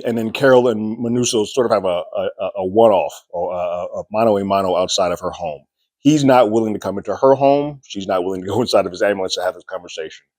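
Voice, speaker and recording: A man's voice: low voice, darkish tone, dry recording. A man casually recapping a TV episode in a loose, chatty way, often restarting his sentences. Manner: chatty, loose retelling with frequent restarts and acted-out quotes. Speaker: TV show reviewer.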